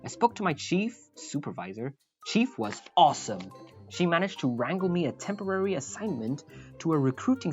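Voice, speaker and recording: A woman with a low voice reads an online story aloud, adding wry asides and small apologies as she goes. The recording is slightly dull and muffled, with faint music playing behind her. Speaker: story narrator. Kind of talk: reading a reddit story aloud.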